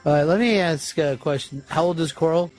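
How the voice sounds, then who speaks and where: Dry questioning radio host. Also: male voice, a little high, brisk, darkish tone, faint music behind. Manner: dry, questioning, steers the talk. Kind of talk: casual radio talk, taking calls. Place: radio studio.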